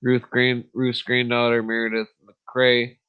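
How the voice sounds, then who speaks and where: A man's voice: medium pitch, monotone, unhurried, clean tone, phone-quality sound. A man hosting a podcast, ranting bluntly with lots of swearing and fillers, then reading an article aloud. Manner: profane, blunt, frequent fillers. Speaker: podcast host.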